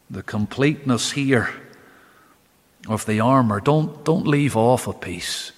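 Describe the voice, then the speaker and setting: Male preacher, slow emphatic Bible study delivery, long church reverb. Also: mid-range voice. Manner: emphatic, slow, rising on key phrases. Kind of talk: midweek Bible study sermon. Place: empty church. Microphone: camera recording for online viewers.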